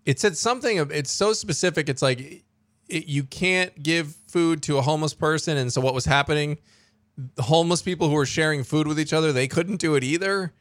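Relaxed man co-hosting a news podcast. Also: fairly high pitch, fairly quick, no room sound, clean studio sound. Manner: relaxed, conversational, steers to next story. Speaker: podcast co-host. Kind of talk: casual news chat.

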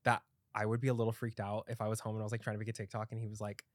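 A man's voice: on the low side, monotone, rapid-fire, dry recording. Chatty young man hosting, dry sound. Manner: chatty, laughing, lots of "like". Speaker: podcast host. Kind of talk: casual chat.

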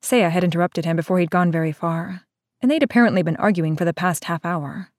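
Woman, audiobook narrator, steady storytelling, low voice, dry sound. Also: fairly quick, no echo. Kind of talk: scripted narration.

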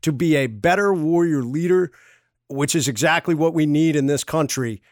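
A man co-hosting a podcast, talking in an energetic, motivational way. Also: on the high side, normal speed, no room sound, studio quality. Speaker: podcast co-host. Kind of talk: casual podcast chat.

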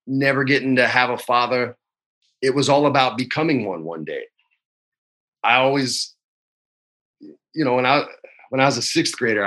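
A man in his forties talks in a relaxed, easy interview from his home. His voice has a bright, pressing edge. He tells his stories openly and gets choked up at times. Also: medium pitch. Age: 40s. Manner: emotional, choked up while storytelling; laid-back, says man and dude a lot. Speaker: actor guest. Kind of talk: casual interview chat.

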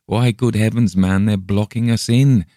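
A man's voice: low voice, moderate pace, warm tone, dry recording, studio quality. A man reading an audiobook voices a companion who wakes from a stupor and turns urgent, in a raised, strained voice. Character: German traveller, delirious then urgent and defiant.

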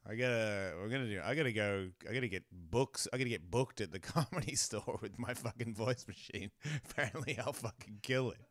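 A man's voice: on the low side, a little fast, hardly any pauses, fairly bright tone, dry recording, studio quality. Laughing, foul-mouthed Australian man. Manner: laughing, crude, swearing a lot. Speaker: host. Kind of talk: casual live show chat.

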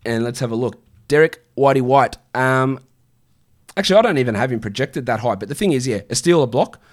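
A man's voice: mid-range voice, animated, brisk. A man in his thirties hosting a casual fantasy basketball stream, answering viewer questions in a blunt, exasperated way with plenty of swearing. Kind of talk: casual livestream Q&A.

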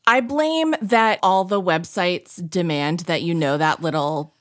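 A woman's voice: lowish voice, a little slow, a bit bright, no room sound. A woman on a video call, chatting casually with a dry, wry way of talking. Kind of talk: casual chat.

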